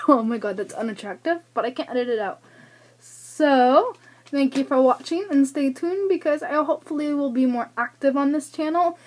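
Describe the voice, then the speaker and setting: A woman's voice: sits high, moderate pace. A young woman from the United States rambling through a book haul vlog, chatty and self-deprecating, a little out of breath, recorded on a camera's built-in mic. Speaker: book vlogger.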